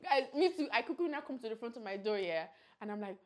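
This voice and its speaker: A young woman, co-hosting a podcast and telling a story in casual, animated chat. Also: fast. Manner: animated, jumps into shrill acted-out voices. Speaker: podcast co-host.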